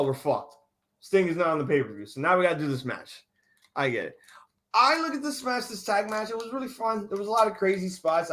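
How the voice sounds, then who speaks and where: Excitable high-voiced man, swearing freely. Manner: excitable, profane, frequent restarts. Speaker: podcast host. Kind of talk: casual wrestling reaction chat.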